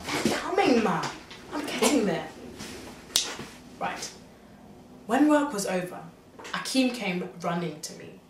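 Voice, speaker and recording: A young woman telling a dramatic story to her mother, confiding and animated, swinging between hushed and exclaiming. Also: medium pitch, slow pace, long pauses, background noise. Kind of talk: dramatic monologue. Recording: echoey room, distant mic.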